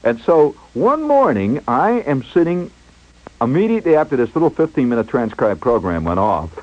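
A man hosting a radio show, telling a personal story in an animated way, chuckling and imitating sounds as he goes. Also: mid-range voice, normal speed, muffled recording. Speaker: radio host. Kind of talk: storytelling monologue on air.

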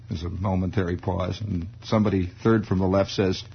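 A man's voice: on the low side, fast, vocal fry, few pauses, husky. A man giving a wry, digressive comic monologue in a conversational radio style. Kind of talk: rambling comic storytelling monologue. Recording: dull lo-fi old radio recording.

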